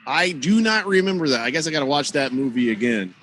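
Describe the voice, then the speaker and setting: A man's voice: a little high, lively intonation, quick pace, fairly bright tone, faint music behind. A man hosting a sports radio show, rambling and joking in casual studio banter. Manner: rambling, filler-heavy, joking.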